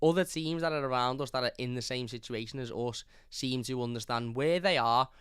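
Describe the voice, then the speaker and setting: A man's voice: mid-range voice, fairly quick, a bit bright, clean tone, no echo, studio quality. A young man, hosting a fan channel and reviewing a match live, blunt and opinionated, reading out chat comments. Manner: blunt, opinionated, repeats points.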